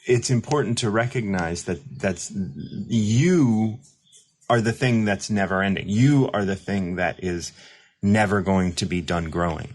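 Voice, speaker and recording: Male host, deep voice, rambling reflective livestream talk. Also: measured pace. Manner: rambling, reflective, many fillers and restarts; reads viewer comments aloud. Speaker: recovery mentor and show host. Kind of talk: casual livestream monologue.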